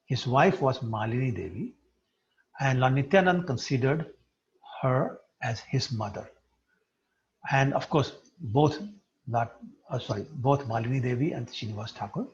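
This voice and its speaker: A man giving a storytelling religious talk, acting out the characters' dialogue. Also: mid-range voice. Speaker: devotional speaker. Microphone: video call. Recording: dull lo-fi call audio.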